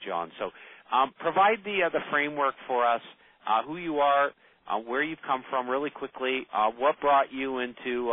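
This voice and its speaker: A man hosting a mentoring call, pitching his program in a salesy, rambling way with many fillers. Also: no echo. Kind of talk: webinar hosting on a conference call. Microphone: phone call. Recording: tinny phone line.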